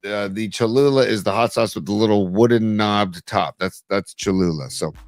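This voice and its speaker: A man co-hosting a podcast, chatting casually and enthusiastically, reading sponsor plugs and listener shout-outs. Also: on the low side, normal speed, no echo. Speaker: podcast co-host.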